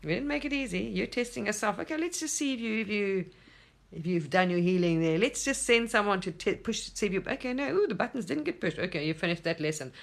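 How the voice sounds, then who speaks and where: A spiritual teacher talking casually to camera at home, animated, swearing and laughing often. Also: mid-range voice, quick pace, vocal fry.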